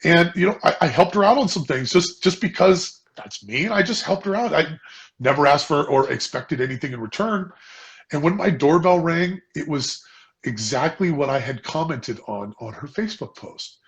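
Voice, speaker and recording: Earnest gravelly man telling a story. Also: a little high, expressive, moderate pace. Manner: earnest storytelling, repeats words. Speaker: co-host. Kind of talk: casual business chat.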